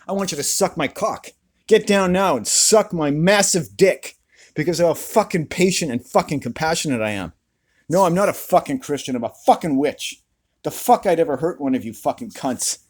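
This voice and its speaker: A man with a squeaky voice ranting to camera outdoors in a furious, profane, confrontational way. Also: slightly rough. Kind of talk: angry rant to camera.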